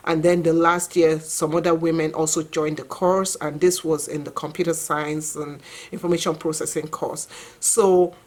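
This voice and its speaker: A woman's voice: low-pitched, flat delivery, normal speed, darkish tone. A woman, earnestly telling her own story to camera in a casual vlog. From Nigeria. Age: 40s. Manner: reflective, earnest, conversational with fillers. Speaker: vlogger and mother.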